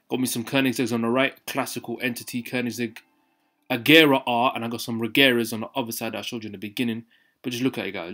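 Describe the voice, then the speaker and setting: Fast-talking young gaming commentator. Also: male voice, mid-range voice. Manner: excited, slangy, addresses viewers directly. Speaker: gaming YouTuber. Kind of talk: casual gameplay commentary.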